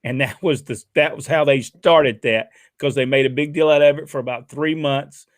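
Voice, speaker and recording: A man's voice: mid-range voice, steady tone, normal speed, no room sound. A man co-hosting a casual podcast, talking in a rambling, folksy way and laughing often. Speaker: podcast co-host. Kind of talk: casual chat.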